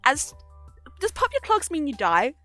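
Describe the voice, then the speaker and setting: A woman's voice: sits high, huge pitch swings, moderate pace, pushed and bright. Giggly, sweary woman streamer. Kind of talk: casual live-stream chat. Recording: faint background music.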